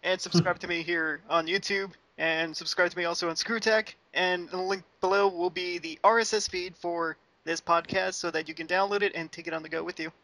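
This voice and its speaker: A man's voice: high-pitched, steady tone, fairly quick, few pauses, bright, forceful tone. A man hosting a podcast, reading out links and thanks plainly. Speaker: podcast host. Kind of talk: podcast host outro.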